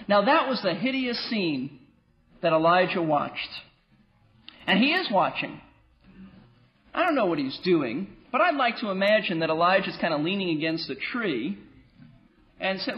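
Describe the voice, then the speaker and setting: Man pastor, high voice that swings widely, muffled lo-fi sound, faint music behind. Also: normal speed, long pauses. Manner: animated and wry, with playful asides. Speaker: pastor teaching a Bible class. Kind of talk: lively Bible teaching.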